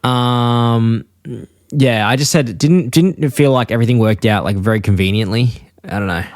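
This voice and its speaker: A man co-hosting a casual chat podcast, rambling through his points and now and then jumping into a high voice to act out lines. His voice sits at an ordinary pitch, recorded very dry with no room sound at all. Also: moderate pace, darkish tone, no room sound. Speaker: podcast co-host.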